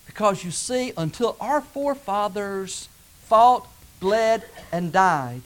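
High-voiced American man preaching, dramatic swings between loud calls and quiet asides. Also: lively intonation, takes it slowly. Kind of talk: sermon.

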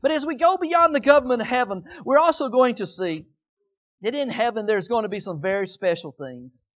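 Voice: mid-range voice, animated, brisk. A preacher delivering a sermon, emphatic and folksy, chuckling and leading the crowd to repeat lines. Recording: dull, lo-fi sound.

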